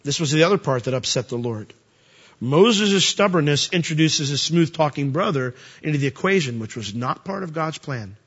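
A man's voice: a little high, expressive, normal speed, fairly bright tone, husky. A man preaching a sermon in a conversational way, with humorous asides and plenty of rhetorical questions. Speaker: pastor. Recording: dull lo-fi audio in a reverberant hall.

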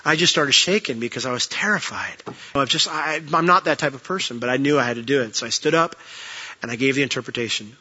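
A man's voice: mid-range voice, fast, bright, forceful tone, slightly rough, muffled recording. A man preaching from a church pulpit, telling personal stories earnestly with frequent restarts and closing in prayer.

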